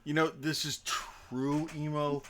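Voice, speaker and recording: A man's voice: a little high, flat delivery, takes it slowly, a bit bright. A man talking casually as dungeon master before a tabletop game, rambling and joking with lots of ums.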